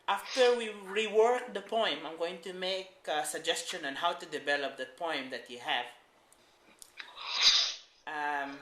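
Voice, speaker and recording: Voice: mid-range voice, fairly bright tone. A writing teacher giving a patient class explanation, repeating key points. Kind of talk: classroom instruction. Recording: roomy echo.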